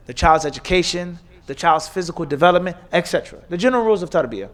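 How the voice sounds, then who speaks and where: A man's voice: fairly high pitch, a bit bright. Emphatic man giving a sermon. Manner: emphatic, repetitive, lecturing with lists and rhetorical questions. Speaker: imam. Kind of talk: sermon lecture. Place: mosque or Islamic center hall.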